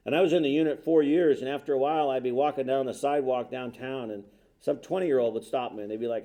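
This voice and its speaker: A man's voice: mid-range voice, fairly even intonation, fast talker, warm tone. A middle-aged man giving a talk, telling a personal story in a conversational, self-deprecating way with quoted dialogue. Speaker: speaker.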